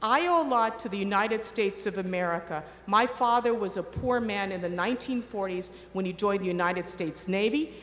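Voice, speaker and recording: A middle-aged woman gives a commencement speech in a large ceremony hall, telling a story with animation and acting out the voices she quotes. Her pitch is medium, her pace moderate, and she rarely pauses. The recording is echoey, with long reverb and faint ambience.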